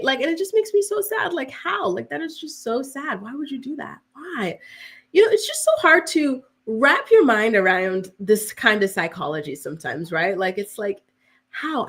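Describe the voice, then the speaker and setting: A woman's voice: mid-range voice, a bit bright. Chatty woman hosting a gossip stream. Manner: chatty, heavy use of "like", reads out viewer comments. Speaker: host of a celebrity news show. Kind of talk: live-stream celebrity gossip commentary.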